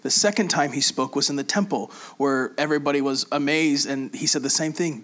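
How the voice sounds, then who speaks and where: A man with a medium-pitched voice gives casual Bible teaching, preaching in a relaxed, conversational way as he reads scripture aloud and explains it with frequent pauses and fillers.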